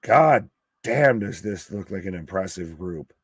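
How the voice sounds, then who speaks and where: Excitable man doing live wrestling commentary. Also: low voice, measured pace, slightly rough, no echo. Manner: excitable, swears, pops loudly at surprises. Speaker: alternative commentary host.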